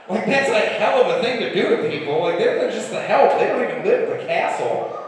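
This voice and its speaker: A man's voice: sits high, animated, brisk, recorded from a distance. A male stand-up comedian telling rambling, irreverent stories on a live comedy club stage. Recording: echoey hall, room mic from afar.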